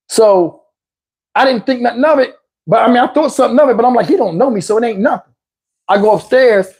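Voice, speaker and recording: A man with a husky, slightly rough voice spins a casual personal story straight to his audience. His delivery is loose, streetwise and peppered with profanity, like talking to friends. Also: high voice, darkish tone. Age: adult, looking back on his youth. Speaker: channel host telling a personal story.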